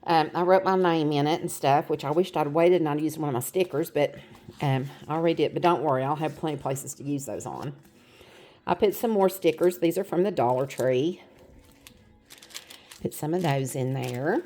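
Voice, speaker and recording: Low-pitched middle-aged woman, rambling casual vlogger into a phone camera. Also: normal speed, darkish tone. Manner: chatty, rambling with fillers. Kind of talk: casual show-and-tell chat.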